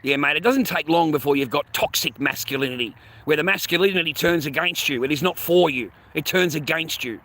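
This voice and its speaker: A man's voice: fairly high pitch, brisk, bright, forceful tone. A middle-aged man ranting on a livestream, blunt and crude, swearing constantly. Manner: crude, profanity-heavy, blunt.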